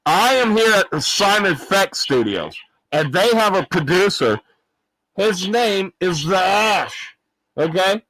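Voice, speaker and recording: A brash, dim-witted clown in his fifties with a put-on Arkansas drawl, as a man plays him for a livestream comedy bit. The voice sits high and swoops wildly, and the talk is slow and dragging. His rambling rant is full of shouted insults, and the sound is dry and close. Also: big pitch swings, no echo, full character voice, rough recording. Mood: mocking. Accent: put-on Arkansas accent. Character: loud dim-witted male clown from the American South, fifty-six.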